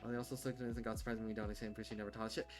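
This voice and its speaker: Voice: mid-range voice, level tone, racing, faint music behind. A livestreamer chatting casually and bluntly, rambling with many fillers and restarts. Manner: rambling, full of "like" and "um", frequent restarts; candid, blunt, swears casually.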